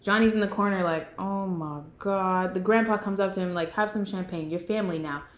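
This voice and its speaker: A woman's voice: medium pitch, steady tone. Giggly young woman recapping a movie. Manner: chatty and giggly, acting out lines in quick impressions. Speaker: film vlogger. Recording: echoey room.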